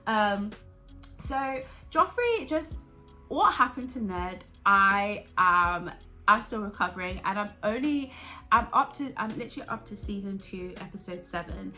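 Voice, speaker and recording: A woman vlogger chatting casually and excitably about a TV series, rambling and jumping between thoughts. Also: mid-range voice, measured pace, faint music behind. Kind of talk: casual reaction chat.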